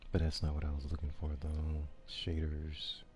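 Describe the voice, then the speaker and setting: A man's voice: very deep voice, monotone, quick pace, music in the background. A man giving casual gameplay commentary, thinking aloud with hesitant ums and restarts as he weighs his options. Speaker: gaming video creator.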